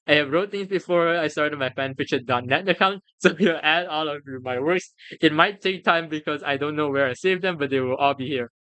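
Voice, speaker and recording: An excitable streamer reacts on a live stream, laughing often and cursing freely. The voice sits in a middle register, and the words tumble into stammers and restarts. The recording is dry and close, with no room sound. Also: mid-range voice, a little fast, few pauses, smooth, no echo. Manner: stammers and restarts when flustered.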